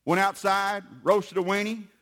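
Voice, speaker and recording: A man's voice: high voice, level tone, unhurried, a bit bright. A man preaching a sermon in a folksy, emphatic way. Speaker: pastor.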